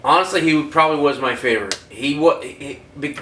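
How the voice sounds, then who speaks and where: A man, a former prisoner and podcast guest, telling stories casually, swearing often and loudly acting out the voices he quotes. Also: on the high side, brisk, a little hiss or hum. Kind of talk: casual storytelling. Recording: roomy, distant mic, faint ambience.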